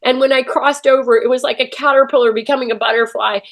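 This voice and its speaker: Animated woman telling her story. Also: high voice, fast talker. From Canada. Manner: animated, acts out her own past thoughts. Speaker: interview guest. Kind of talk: emotional personal storytelling.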